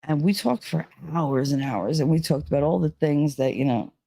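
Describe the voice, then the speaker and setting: A woman's voice: deep voice, moderate pace, vocal fry, mellow, no room sound. A woman telling a personal story in a casual, rambling way, full of "like" and "you know.". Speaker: vlogger.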